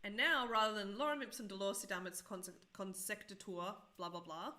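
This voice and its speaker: Woman in her 30s doing a live coding stream, bright clear voice, chatty, jokes at herself, quizzes the chat. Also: medium pitch, fairly quick. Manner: chatty, self-deprecating, asks the chat questions. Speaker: coding teacher.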